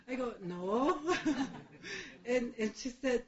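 A woman in her fifties giving a personal testimony at a recovery meeting, candid and laughing often, with halting restarts. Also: on the high side, a little mellow. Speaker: recovery speaker. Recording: roomy hall, dull sound.

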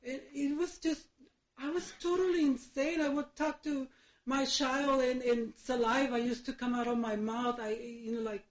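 A middle-aged woman from Mexico giving a halting personal testimony, full of fillers and restarts, laughing through painful memories. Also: high voice, steady tone. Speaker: speaker sharing her recovery story. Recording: echoey room, dull lo-fi sound.

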